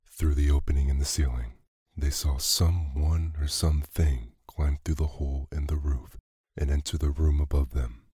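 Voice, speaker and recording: Very deep, flat-voiced male bedtime narrator. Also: moderate pace, slightly rough, no echo, clean studio sound. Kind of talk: calm bedtime story narration.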